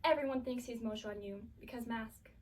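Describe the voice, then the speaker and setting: A woman's voice: fairly high pitch, normal speed, far from the mic, rough recording. A woman recapping a drama series in a chaotic, profane, casual way, full of fillers.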